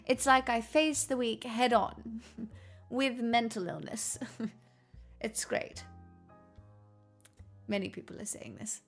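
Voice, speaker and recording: Faint music plays behind a woman live streamer whose voice is a little high. She chats with viewers in an affected transatlantic accent, drawing things out theatrically and cursing freely.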